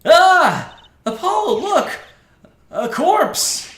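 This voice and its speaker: A man voicing a bubbly, excitable teenage girl sidekick with a squeaky, bouncy voice, in an echoey room. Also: extremely slow, exaggerated voice. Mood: excited.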